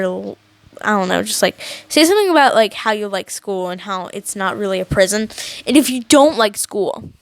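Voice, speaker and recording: A woman's voice: mid-range voice, no room sound. A teenage girl ranting casually to camera as a vlogger, rambling with many likes and restarts.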